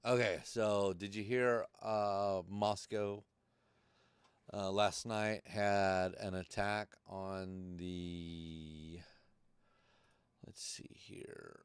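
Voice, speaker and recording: A man with a lowish, smooth voice hosts a casual live-stream podcast. He rambles loosely and swears often. The sound is dry and close. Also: little pitch movement, very slow, no echo. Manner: loose and profane, rambling through tech troubles. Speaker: podcast host.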